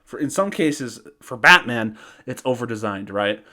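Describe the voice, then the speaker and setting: A man's voice: mid-range voice, animated, a little slow, bright, forceful tone. A man giving a casual ranting review, profane and exasperated, often breaking into laughter. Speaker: video reviewer.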